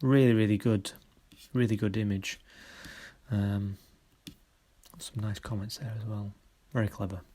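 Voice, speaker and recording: A man leading a photography workshop, giving encouraging feedback on students' photos in a halting way with many pauses. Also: on the low side, level tone, warm tone.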